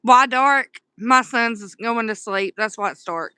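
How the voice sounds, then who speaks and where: A Southern woman chats through a casual livestream, answering her viewers with pet names. Her voice sits a bit high and bright, smooth and clear, recorded close and dry. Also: slow, no room sound. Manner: chatty, affectionate, reads and answers chat aloud. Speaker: livestream host. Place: dark room at home at night.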